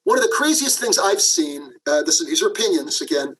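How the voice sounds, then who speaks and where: Middle-aged guy w a high voice, lively storyteller, keeps asking "okay?". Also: brisk, low-quality recording. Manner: animated, acts out quotes, frequent "okay?" asides. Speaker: guest, leadership professor. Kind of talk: podcast interview, storytelling.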